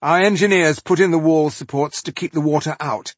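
A man's voice: mid-range voice, moderate pace, slightly rough, no room sound, pitched above the performer's own voice, natural voice. A man voicing a proud male dwarf of the fifling tribe who explains things with pride.

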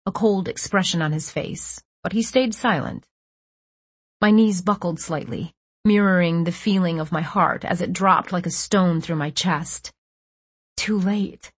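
An audiobook narrator with a lowish, husky voice tells a first-person story in a tense, breathless way. She is recorded dry and close on a studio mic.

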